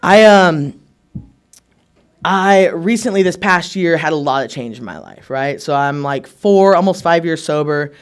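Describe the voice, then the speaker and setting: A young man with a slightly raised pitch gives an open, earnest personal testimony at a recovery meeting. His talk is casual and candid, full of "like" and quick "right?" tags, and he tells his story in plain everyday words. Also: expressive, smooth.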